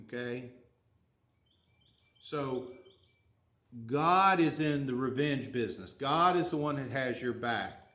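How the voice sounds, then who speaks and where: A man's voice: medium pitch, animated, slow, long pauses, sharp tone, roomy sound. A man, preaching a sermon in a folksy, conversational way, full of questions to the congregation. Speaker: pastor.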